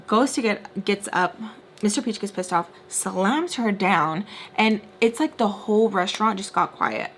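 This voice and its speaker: Animated young woman telling a story. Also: normal speed, a little hiss or hum. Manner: animated, acts out quotes with shifting pitch and whispers. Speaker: storytime vlogger. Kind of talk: casual storytelling while doing makeup.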